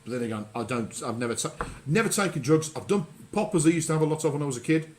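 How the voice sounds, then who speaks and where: A man's voice: a little high, lively intonation, fast talker, a little mellow, slight background noise. A man hosting a casual radio chat, rambling and often correcting himself mid-sentence. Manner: rambling, self-correcting, chatty. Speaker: radio show host.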